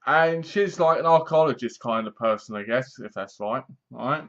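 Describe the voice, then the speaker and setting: A man's voice: medium pitch, moderate pace. A man with an English accent giving a casual, rambling movie review that sounds sarcastic. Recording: dull lo-fi recording.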